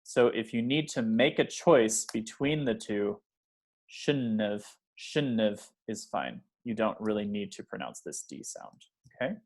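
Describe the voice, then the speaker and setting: A man teaching English pronunciation, slowly modeling example phrases and checking in with the learner. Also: lowish voice, lively intonation, slightly rough. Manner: checks in with "okay?" and "right?". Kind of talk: pronunciation lesson.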